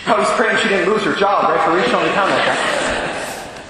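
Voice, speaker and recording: A priest preaching a sermon, telling stories from his own life with quick, animated asides. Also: high voice, background noise. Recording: echoey hall with long reverb.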